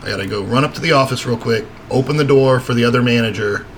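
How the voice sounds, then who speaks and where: A man's voice: mid-range voice, fast talker, a bit bright, slight background noise. A man co-hosting a casual talk show, telling a story in a laid-back way, swearing and laughing often. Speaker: podcast co-host.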